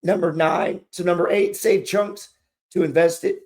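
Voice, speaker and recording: Rambling, profane man with a higher voice. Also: steady tone, moderate pace, darkish tone. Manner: rambling, profane, storytelling with slang. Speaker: investing channel host. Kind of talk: casual motivational talk to camera.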